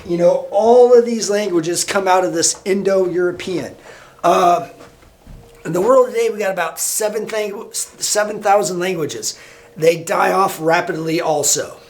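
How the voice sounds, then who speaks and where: A man's voice: high voice, darkish tone. A man teaching a recorded lesson over slides, with a casual Midwestern American accent and a loose delivery full of fillers. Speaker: high school teacher.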